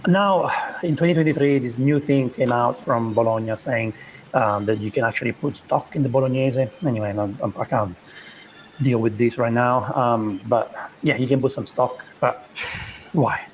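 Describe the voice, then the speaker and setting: A man's voice: medium pitch, moderate pace, a little hiss or hum. A man, a chef, giving an exasperated running critique of a cooking video. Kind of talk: casual reaction commentary.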